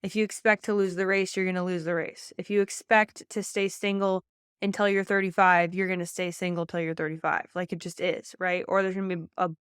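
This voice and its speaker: A woman's voice: fairly low pitch, flat delivery, clean tone, dry recording, studio quality. A woman, a pageant coach hosting a podcast, talking in an emphatic, motivational way with lots of "like" and repeated phrases. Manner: fast, emphatic, faith-filled coaching with many "like"s and repeats.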